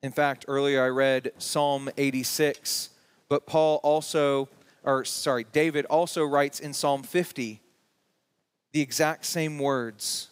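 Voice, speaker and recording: A man preaching a sermon as pastor, with emphatic rising peaks and slow drawn-out words. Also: mid-range voice, fairly even intonation, clean tone. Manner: reads scripture and quotes aloud.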